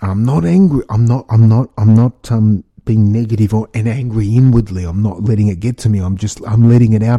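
A man's voice: on the low side, a little fast, hardly any pauses, warm tone, dry recording. A man hosting a solo podcast, ranting angrily with repeated restarts and swearing. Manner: angry, repetitive, swearing, stumbling restarts. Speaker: podcast host.

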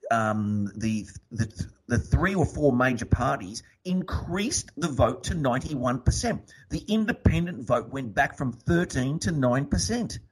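A man's voice: medium pitch, animated, unhurried, few pauses, a little hiss or hum, poor audio. A man co-hosting a talk show, speaking bluntly and crudely. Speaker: podcast co-host. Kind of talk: casual talk.

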